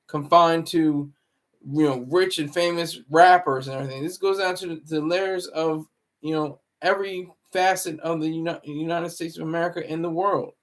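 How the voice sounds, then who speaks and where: A man talks through a live stream in a rambling, moralizing way, stopping to restart words as he goes. His voice sits a little high with a gravelly fry underneath. It sounds like a home setup for a casual commentary stream. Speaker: livestream commentary host.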